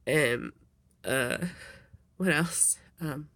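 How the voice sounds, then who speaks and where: Sniffly woman vlogging, slow and rambly, gravelly fry, super dry close sound. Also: fairly low pitch, fairly bright tone, dry recording. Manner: rambling, giggly, many ums. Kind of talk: casual questionnaire vlog.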